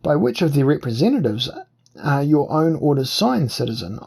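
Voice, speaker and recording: Disguised commoner, male, wheedling whine, as a reader puts him on, husky and pitched up, audiobook. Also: very animated, moderate pace, a little mellow, exaggerated voice. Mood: wheedling, defiant.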